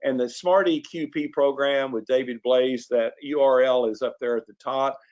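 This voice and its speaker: A man's voice: mid-range voice, steady tone, moderate pace, a little mellow, dull audio. A man hosting a sales webinar, talking in a folksy, chatty way with fillers and restarts. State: coughing. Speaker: webinar host. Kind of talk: casual sales webinar talk.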